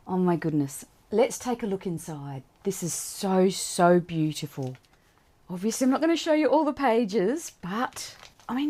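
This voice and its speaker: Gushing, excited woman vlogger. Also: medium pitch. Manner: warm and chatty, talking to viewers. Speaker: children's book author. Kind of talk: unboxing vlog.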